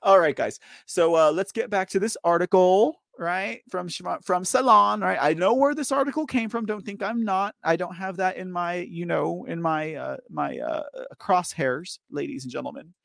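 Male political talk host, gravelly and fairly high, dry close sound; loose, uncensored asides. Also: moderate pace, few pauses, a bit bright, no room sound. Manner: loose, uncensored, riffing asides with frequent okay and right. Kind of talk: opinionated political commentary, reading articles aloud.

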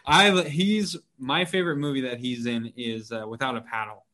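Casting: male co-host, enthusiastic, laughs often, mid-pitched voice. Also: steady tone, moderate pace, sharp tone. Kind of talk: casual chat.

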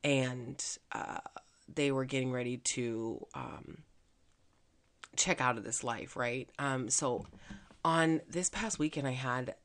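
A woman's voice: extremely low pitch, slow. A woman hosting her own podcast, talking alone in a chatty, upbeat way with plenty of fillers. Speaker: podcast host. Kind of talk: casual solo podcast monologue.

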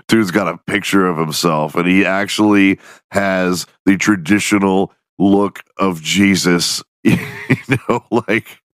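A man's voice: low voice, no room sound, clean studio sound. A man hosting a show, riffing in a casual comedic monologue, swearing freely and laughing often. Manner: profane, joking, laughs often. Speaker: podcast host.

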